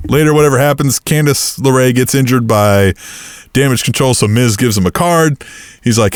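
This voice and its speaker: Animated podcast co-host, dry sound. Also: male voice, mid-range voice, quick pace, dry recording. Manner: animated storytelling, acting out both sides of a feud, frequent swearing. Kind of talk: casual chat.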